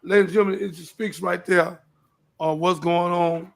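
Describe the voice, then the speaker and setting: Impassioned high gravelly older man. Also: fairly even intonation, normal speed. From Houston, Texas. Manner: impassioned, repetitive, rising to pleading questions. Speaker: live show host. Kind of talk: preachy live-stream talk.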